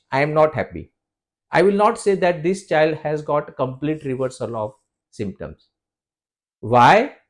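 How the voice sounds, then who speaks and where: Doctor explaining to viewers. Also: male voice, on the high side, a little mellow. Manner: lecturing, repeats "friends" and poses questions to answer them. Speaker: homeopathy doctor. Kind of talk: explanatory talk to camera.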